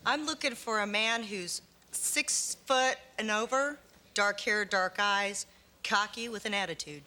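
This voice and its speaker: A woman's voice: medium pitch, measured pace, sharp tone. A woman in her twenties, a dating show contestant, chatting in a flirty, giggly way. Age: 20s. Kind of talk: casual chat.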